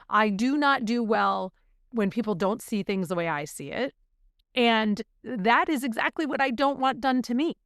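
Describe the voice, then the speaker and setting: A woman's voice: on the high side, normal speed, no echo, clean studio sound. A woman co-hosting a podcast, talking candidly and reflectively in a casual chat. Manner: candid, reflective, openly emotional. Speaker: podcast co-host.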